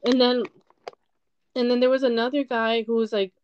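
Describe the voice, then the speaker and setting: A woman's voice: a little high, flat delivery, moderate pace, a little hiss or hum. Rambling young woman, lo-fi recording. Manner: rambling, frequent "like", swears, heated frustration. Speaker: podcast host. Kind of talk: personal storytelling monologue. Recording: dull lo-fi recording.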